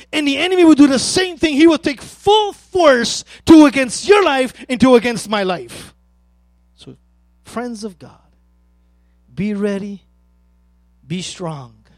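A man preaching a sermon as pastor, emphatic and swinging between loud and soft. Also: sits high, no echo.

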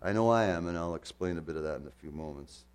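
A man with a low, clean-toned voice preaches quickly and fervently. He shifts from booming to quiet, peppers listeners with rhetorical questions, and leans on repetition for emphasis.

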